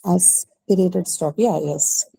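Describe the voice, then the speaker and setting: A woman's voice: lowish voice, takes it slowly, creaky, mellow, slightly rough, poor audio. A woman teacher explaining a grammar point patiently in an online class, often checking in with the students. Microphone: video call.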